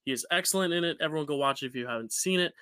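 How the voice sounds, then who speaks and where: A young man co-hosts a relaxed podcast, rambling along with plenty of fillers and restarts. His voice is bright and forceful and sits a little high. The sound is dry and close, from a home call mic. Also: racing, clean tone, no room sound. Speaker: podcast co-host. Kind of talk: casual chat.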